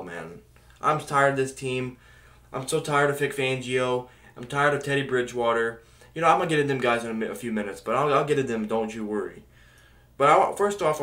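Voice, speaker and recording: A man's voice: medium pitch, a bit bright. A man ranting angrily as a sports fan, exasperated, swearing and sighing as he vents about his team. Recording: echoey room.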